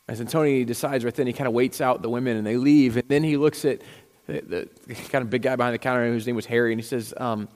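A man's voice: mid-range voice, fast talker, darkish tone, long reverb tail. A man preaching a sermon as pastor, retelling a story and acting out the dialogue with frequent restarts.

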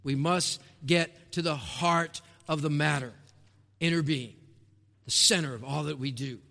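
A man preaching a sermon, emphatic, with rhetorical questions, rising to shouts and dropping to a hush, in a church sanctuary. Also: on the high side, unhurried, creaky. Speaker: pastor. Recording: long reverb of a large hall.

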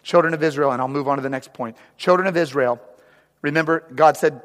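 Guy pastor preaching, kinda high voice, big echoey church hall, gets loud then drops to a hush. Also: fast. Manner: storytelling, swings from loud urgent preaching to hushed prayer. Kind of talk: sermon.

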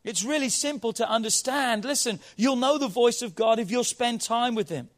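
A pastor whose voice is notably high delivers a sermon in a church, with a non-local accent and a punchy, conversational style. First he playfully quizzes the congregation; then he reads scripture slowly and builds into emphatic, rising calls.

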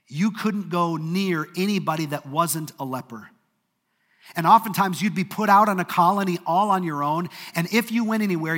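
A man preaching a sermon, telling a story earnestly, sometimes brisk and sometimes dropping to a hush. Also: on the high side, in a large hall. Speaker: pastor.

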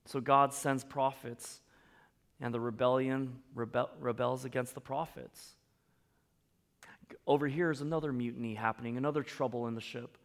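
A man preaching a sermon in a conversational way, often checking in with the listeners and making playful asides. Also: mid-range voice. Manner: conversational preaching with frequent tag questions. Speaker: pastor.

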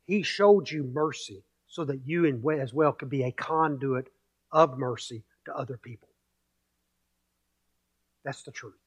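A man's voice: mid-range voice, measured pace, long pauses, slightly rough. A male pastor preaching a sermon, emphatic, repeating key phrases and building with rhetorical questions.

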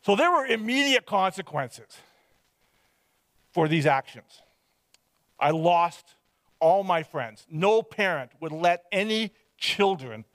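A man's voice: fairly high pitch, no echo. A man from British Columbia giving a personal testimony as a rambling, self-deprecating storyteller. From Hope, British Columbia, Canada.

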